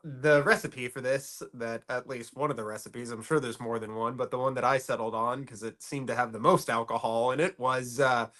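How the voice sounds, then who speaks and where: A man's voice: medium pitch, steady tone, normal speed, few pauses, pushed and bright. A man co-hosting a podcast in casual chat, giggly and rambling with lots of fillers. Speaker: podcast co-host.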